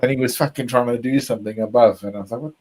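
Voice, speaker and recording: A man's voice: medium pitch, fairly even intonation, rapid-fire, darkish tone, rough recording. A man chatting casually, rambling and repeating himself, swearing often. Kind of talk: casual chat.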